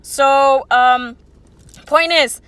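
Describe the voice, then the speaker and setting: A woman's voice: high-pitched, very slow, a bit bright, dry recording. A woman in her twenties telling a casual storytime, rambling and swearing freely with lots of "like". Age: 20s. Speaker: vlogger.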